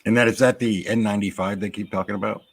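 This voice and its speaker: A man's voice: on the low side, fairly even intonation, fast talker, creaky, dry recording. A man hosting a casual chat, joking around in an easygoing way. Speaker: host.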